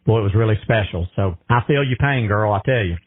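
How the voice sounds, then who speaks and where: A man's voice: on the low side, fairly quick, no echo. A man speaking earnestly and emphatically in a heartfelt radio conversation, with a folksy way of talking. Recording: dry tinny phone-line radio.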